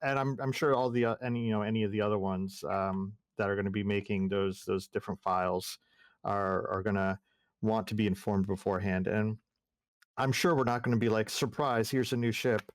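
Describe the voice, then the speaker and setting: Guy on a design panel, low voice, dry sound, lots of um and restarts. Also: steady tone, dry recording. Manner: halting, many restarts and fillers. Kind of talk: casual panel talk.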